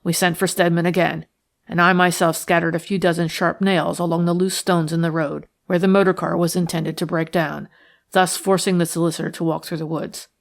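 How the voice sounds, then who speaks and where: A woman reading the lines of a rough, jealous man who threatens and boasts in a harsh, coarse manner. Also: flat delivery, a little fast. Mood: boastful. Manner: sullen, menacing, low-voiced. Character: rough jealous male schemer, bitter and threatening. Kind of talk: audiobook character reading.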